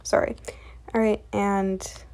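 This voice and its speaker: A woman's voice: mid-range voice, level tone, takes it slowly, darkish tone. Chatty woman rambling through a comic recap, lots of um and all right.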